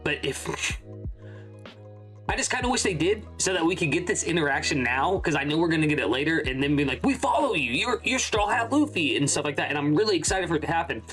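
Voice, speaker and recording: A man's voice: a little high, quick pace, fairly bright tone, faint music behind. A young man hosting a casual manga reaction, talking in a chatty, rambling way and often correcting himself mid-sentence. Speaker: channel host.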